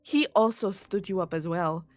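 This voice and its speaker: A woman's voice: mid-range voice, normal speed, no room sound, soft background music, natural voice. A woman doing a scolding younger sister. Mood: exasperated. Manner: scolding, impatient. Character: exasperated younger noble sister, blunt.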